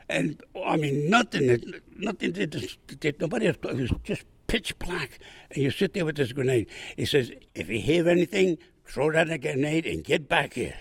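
An older man from Brooklyn with a gravelly, husky voice tells a long war story. He rambles, restarts often and acts out the other people in the story. The sound is close and dry. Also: a little high, dry recording. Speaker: veteran guest. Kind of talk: oral history storytelling.

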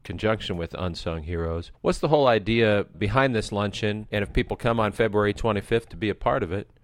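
A man interviewing a guest, giving measured background before each question. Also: fairly low pitch. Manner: measured, setting up context before asking.

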